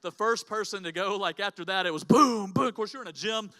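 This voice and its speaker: A middle-aged male pastor preaching, telling a personal story with lively acted quotes and sound effects in a church auditorium. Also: high-pitched, fast, smooth.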